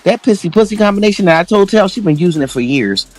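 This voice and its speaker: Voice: mid-range voice, animated, fast talker, no room sound. A livestream host giving brash, profane commentary in a campy, slangy way.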